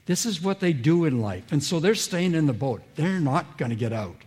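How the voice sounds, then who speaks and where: A man's voice: fairly high pitch, very animated, normal speed, darkish tone, breathy edge. A man preaching a sermon, telling stories and acting out quoted voices, drawing listeners in with questions. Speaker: pastor.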